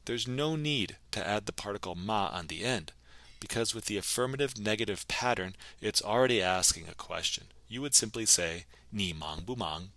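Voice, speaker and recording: A low-pitched man teaches a recorded lesson, taking his time and repeating each phrase so students can follow. His voice has a bright edge and moves a lot in pitch. The sound is close and dry. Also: animated, dry recording. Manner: slow, clear model pronunciation of phrases, repeated for practice. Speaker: Chinese language teacher.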